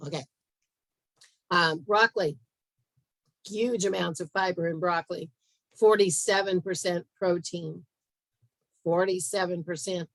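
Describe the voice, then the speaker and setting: A woman's voice: on the low side, fairly even intonation, a little slow, long pauses, a bit bright, no echo, poor audio. A woman hosting a health talk, walking through a slide with chatty asides and many fillers. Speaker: podcast host and health practitioner. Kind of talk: casual presentation over screen share.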